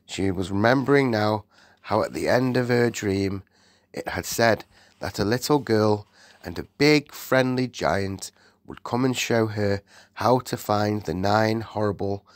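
Male audiobook narrator, slow, lively pitch, dry close sound. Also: dry recording. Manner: slow, expressive storytelling. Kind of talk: scripted narration.

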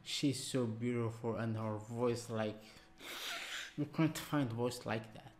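A man's voice: mid-range voice, steady tone, slow pace. A man from Algeria hosting a reaction video, gushing with effusive praise in simple, broken English. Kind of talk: casual reaction commentary. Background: loud song playing.

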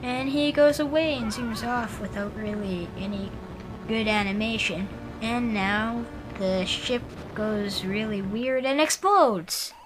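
A woman giving casual commentary on a video game, rambling and halting with lots of fillers. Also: mid-range voice, fairly even intonation, over music, low-quality recording. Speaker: let's player.

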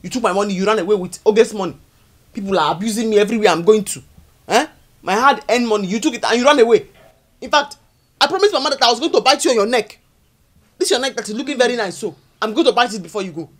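An actress playing a loud, hot-tempered village tailor who speaks Nigerian English with a husky voice. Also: female voice, on the high side, fast, lightly acted. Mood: furious. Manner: angry, confrontational, exclamatory.

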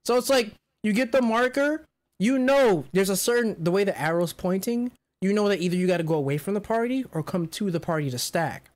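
A man co-hosting a podcast, chatting casually and telling animated, profanity-laced stories. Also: high-pitched, fairly quick. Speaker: podcast co-host. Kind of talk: casual chat.

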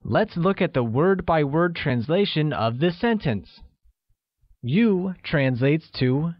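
A man's voice: fairly high pitch, expressive, no room sound, dull audio. A man narrating a scripted language lesson, carefully enunciating and explaining each word. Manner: slow, carefully enunciated teaching delivery. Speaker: language teacher.

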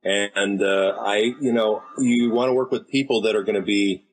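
American man, 50s, husky low voice, easygoing storyteller, interview guest. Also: fairly even intonation, normal speed, low-quality recording. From United States. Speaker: voice actor and director guest. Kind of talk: casual interview talk.

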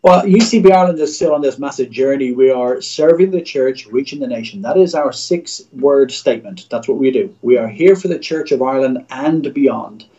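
A man's voice: medium pitch, animated, moderate pace, hardly any pauses, dark tone, muffled recording. A middle-aged man, a Christian radio executive, speaking as a guest in a livestream interview over a video call, in an earnest, preacher-like way with repeated phrases.

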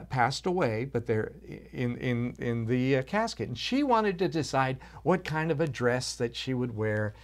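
A man telling a children's story at a church service, animated, with frequent restarts and questions to his young listeners. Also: medium pitch.

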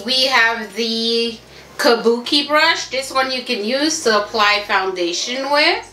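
A woman's voice: fairly high pitch, pushed and bright, roomy sound, slight background noise. A woman from Haiti doing a casual beauty unboxing at home, chatty and gushing, calling her viewers y'all. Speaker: beauty vlogger. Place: home room with family noise around.

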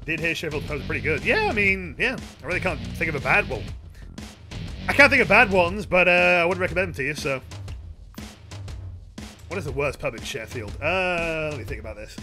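A man with a high, bright voice rambles through a casual live stream, swearing freely as he answers chat. His pitch swings all over the place, and faint music plays behind him. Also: expressive, a little fast, pauses often. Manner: rambling, heavy casual swearing, chatty with viewers.

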